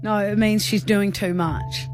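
A woman's voice: mid-range voice, fairly even intonation, a little slow, music in the background. A bubbly, giggly woman co-hosting a radio show, teasing her co-host in casual banter.

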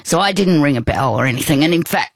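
A woman's voice: sits low, lively intonation, fast, creaky, dry recording. A woman in conversation, telling a personal story in a rambling, hesitant way with many restarts. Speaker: guest.

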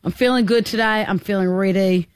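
A woman's voice: mid-range voice, fairly quick, clear, resonant tone, dry recording, studio quality. An Australian woman hosting a radio show, bantering playfully and laughing often as she teases her co-host.

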